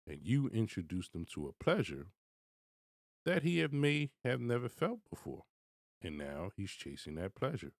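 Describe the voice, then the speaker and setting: A man giving blunt, profane commentary, swinging from low muttering to loud, high-pitched outbursts. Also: big pitch swings, normal speed, gravelly, no echo, studio quality. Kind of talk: ranting commentary.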